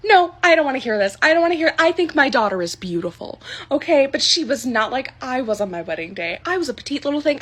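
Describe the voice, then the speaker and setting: In a heavily acted performance, a young woman voices an entitled middle-aged customer, making demands in a high, swooping tone that is a bit bright and slightly rough. Her complaints come out indignant, with stumbles and restarted sentences.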